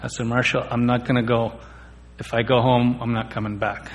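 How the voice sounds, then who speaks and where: A man's voice: medium pitch, flat delivery, fairly quick. A man telling his personal faith testimony in an earnest way, sometimes stammering on key words. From India. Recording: long reverb of a hall.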